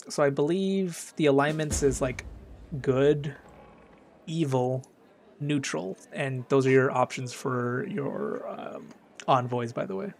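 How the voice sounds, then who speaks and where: A man's voice: medium pitch, takes it slowly, creaky, darkish tone. A man playing a video game, reading its text aloud and commenting, often stumbling over names. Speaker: let's play gamer.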